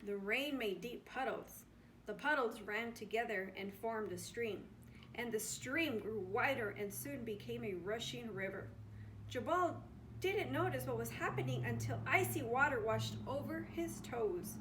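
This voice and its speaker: Woman, storybook reader, expressive, high voice, slow pace. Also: background noise. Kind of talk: reading a picture book aloud.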